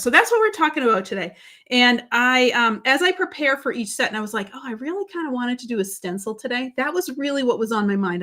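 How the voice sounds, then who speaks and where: A woman's voice: fairly high pitch, a bit bright. A middle-aged woman hosting a live craft stream, chatting casually and greeting viewers by name, with many fillers and restarts. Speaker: livestream host.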